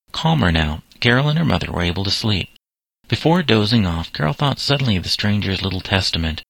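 A man narrating an audiobook chapter in a steady, measured storytelling voice. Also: fairly low pitch, creaky, dry recording, poor audio. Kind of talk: scripted narration.

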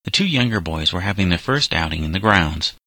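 A man reading a scripted story aloud in a measured, steady way. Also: low-pitched, no room sound, rough recording. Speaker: narrator.

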